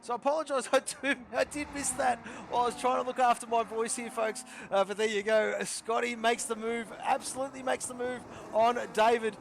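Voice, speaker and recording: A man commentating a sim racing league, chatty and repeating himself, his voice hoarse and giving out. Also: very high-pitched, flat delivery, brisk, few pauses, a little hiss or hum. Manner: chatty, repeats phrases, calls drivers by nicknames. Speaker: race commentator.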